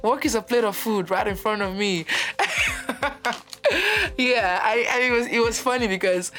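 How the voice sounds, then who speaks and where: A woman's voice: medium pitch, fairly quick, fairly bright tone, faint music behind. A young woman hosting her own podcast, talking candidly and animatedly about her personal life, often laughing. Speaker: podcast host. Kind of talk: personal reflective monologue.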